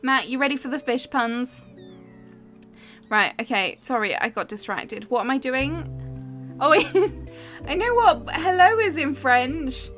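A woman's voice: high-pitched, expressive, takes it slowly, pauses often, fairly bright tone, soft background music. A woman live-streaming a cozy game, giggly and chatty as she talks to her chat.

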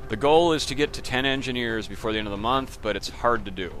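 A man's voice: mid-range voice, fast, a bit bright, soft background music. A man narrating a let's play, casually and sardonically, cursing and grumbling at the game's characters. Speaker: gaming commentator.

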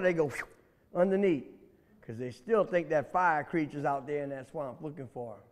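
Folksy storyteller man. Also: high voice. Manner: animated, folksy, addresses listeners. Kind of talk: oral folk storytelling. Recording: long hall reverb.

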